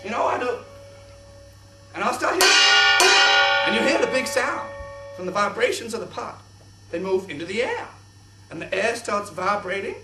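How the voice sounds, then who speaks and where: A young man presenting a kids' science show in an exaggerated, excitable host voice. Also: very high voice. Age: young adult. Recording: echoey room, distant mic.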